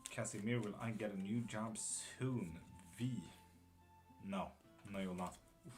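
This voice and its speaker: A man's voice: on the low side, unhurried, a little mellow, soft background music. A man reading tarot live, chatting casually and bluntly with viewers, calling them by name and swearing now and then. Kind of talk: casual live-stream chat.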